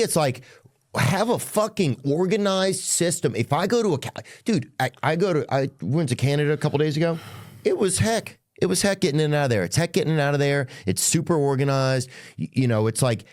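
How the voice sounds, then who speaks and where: A man's voice: fairly high pitch, expressive, brisk. A man hosting a casual podcast chat, rambling and restarting his sentences.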